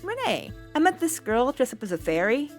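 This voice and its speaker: A woman's voice: high voice, sing-song, normal speed, faint music behind. A woman voicing a shy young woman at a party, speaking hesitantly and eager to please.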